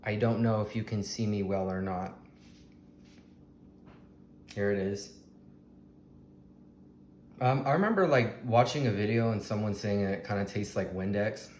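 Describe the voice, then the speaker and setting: A man with a Texan accent, vlogging a fruit tasting at home in a slow, dreamy, gushing way with many ums. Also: on the low side, darkish tone. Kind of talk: casual food tasting vlog. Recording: echoey room with faint ambient hiss.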